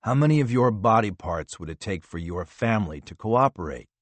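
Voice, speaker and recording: A man voicing a cold, relentless male interrogator who asks calm, clipped questions in an audiobook. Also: lowish voice, a little fast, no echo.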